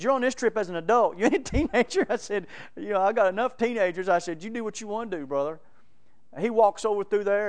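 A man preaching a sermon, telling folksy stories and laughing between them. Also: high voice. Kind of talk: sermon with storytelling.

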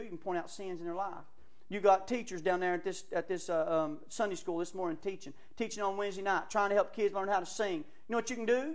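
A man preaching a fiery sermon, swinging from shouts to hushed tones in folksy phrasing. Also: sits high. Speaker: pastor.

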